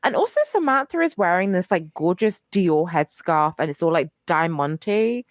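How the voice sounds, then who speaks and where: A young woman co-hosts a podcast, her voice on the low side and sing-song at a moderate pace. The recording is dry and studio-clean, and she rambles casually with lots of fillers and some swearing.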